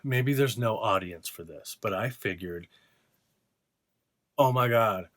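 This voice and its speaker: A man's voice: fairly low pitch, slow, a bit bright, dry recording. A man vlogging from his art studio, ranting casually in a sarcastic, profane, mocking way. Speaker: vlogger and artist.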